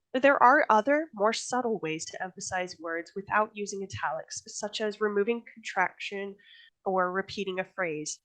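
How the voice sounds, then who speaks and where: A woman's voice: mid-range voice, a bit bright, poor audio. Chatty woman giving a writing workshop. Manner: chatty, friendly teaching tone, laughs easily. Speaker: conference presenter and author. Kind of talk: recorded workshop presentation on writing.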